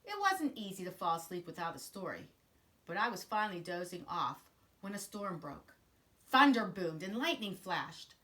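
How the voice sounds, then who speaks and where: A woman teacher reading a children's picture book aloud in an expressive, sing-song way. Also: lowish voice, normal speed. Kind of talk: children's storybook read-aloud.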